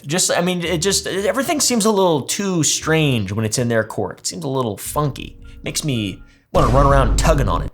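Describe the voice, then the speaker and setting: A man's voice: a little high, lively intonation, brisk, faint music behind. A man hosting a commentary video, telling a story casually with sarcastic asides and swearing. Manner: sarcastic asides, swears, restarts mid-sentence. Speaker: commentary channel host.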